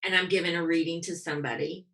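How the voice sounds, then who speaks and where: A woman's voice: fairly low pitch, quick pace, roomy sound, recorded from a distance. A woman medium giving readings and teaching in a live online class, laughing easily and quoting spirit messages with feeling. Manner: warm, laughing, emotional, quotes spirits in lively voices. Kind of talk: live reading and Q&A on a video call.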